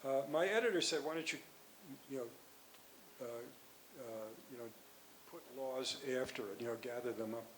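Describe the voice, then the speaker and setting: An older man, a physician and author, answering audience questions at a conference in a rambling, halting way with many restarts. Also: mid-range voice, a bit bright, slight background noise, poor audio. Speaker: guest speaker, physician and author.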